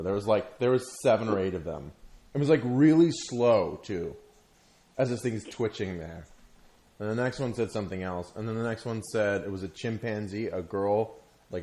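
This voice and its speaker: A man telling a story in casual chat, rambling and halting, with frequent swearing. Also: on the low side, dark tone.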